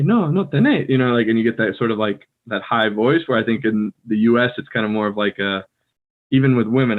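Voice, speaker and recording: An American man chats loosely as a podcast co-host, filling his talk with "like" and "you know". His voice sits a little low. It comes through a thin, phone-like video call line. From United States. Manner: relaxed, rambling, many fillers. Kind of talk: casual chat. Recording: tinny phone-like call audio.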